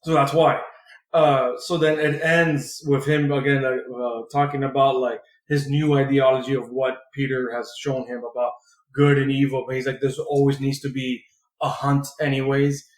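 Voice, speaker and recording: Recorded in an echoey room, this podcast co-host uses a mid-range, level-toned voice at normal speed. He walks through a comic in a loose, filler-laden way, swearing liberally.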